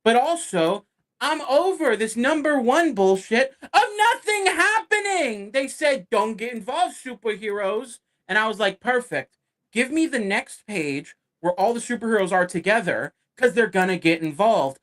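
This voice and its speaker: A man's voice: very high-pitched, normal speed. A man co-hosting a casual podcast, ranting and swearing freely, often mimicking other people as he retells what they said. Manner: animated, swears a lot, ranting. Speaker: podcast co-host.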